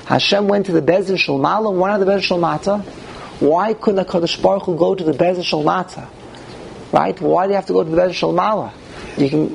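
A man's voice: sits high, quick pace, gravelly, slight background noise, rough recording. A man teaching a classroom Talmud lecture, emphatic and often restarting, putting questions to his listeners. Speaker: Torah teacher.

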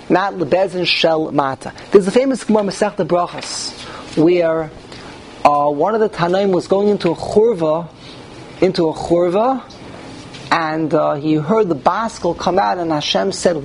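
A man's voice: high-pitched, gravelly, a little hiss or hum, poor audio. A man teaching a classroom Talmud lecture, emphatic and often restarting, putting questions to his listeners. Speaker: Torah teacher.

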